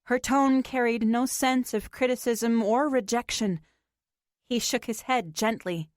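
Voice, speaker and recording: A woman narrating an audiobook in an even, measured storytelling manner. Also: fairly high pitch, dry recording, clean studio sound. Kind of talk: scripted narration.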